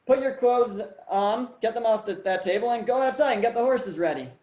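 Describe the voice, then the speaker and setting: A man's voice: very high voice, brisk, darkish tone, voice pushed up. Man playing a commanding coachman, stern and threatening, curt orders, echoey room.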